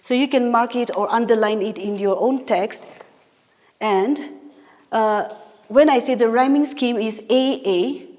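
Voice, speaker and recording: A woman's voice: a little high, a little slow, a little mellow. A woman teaching an English poetry lesson, explaining patiently step by step with fillers and small self-corrections. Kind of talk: recorded classroom lesson. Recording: long hall reverb.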